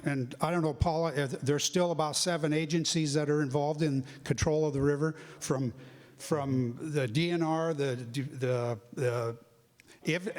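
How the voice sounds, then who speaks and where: Man resident, rambling and informal, slightly high voice, hall reverb. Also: a little mellow. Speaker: resident at public meeting. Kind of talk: public comment. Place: school meeting hall.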